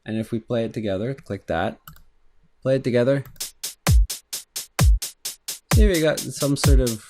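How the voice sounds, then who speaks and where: A man giving a casual, rambling software tutorial, thinking aloud as he clicks through and humming rhythms. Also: mid-range voice, lively intonation, a little fast. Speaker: music production instructor. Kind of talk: screen-recorded software tutorial. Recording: faint electronic music underneath.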